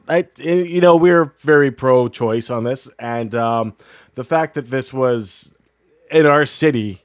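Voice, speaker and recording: A man's voice: medium pitch, measured pace, no room sound, studio quality. A man co-hosting a casual podcast, joking and swearing as he talks. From Canada. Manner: profane, joking, laughs often. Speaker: podcast co-host.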